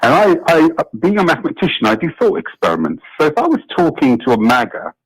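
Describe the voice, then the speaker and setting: A man calling in to a talk radio show, arguing in an animated, impassioned way. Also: on the high side, fast talker, slightly rough, rough recording. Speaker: caller. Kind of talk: call-in talk radio chat.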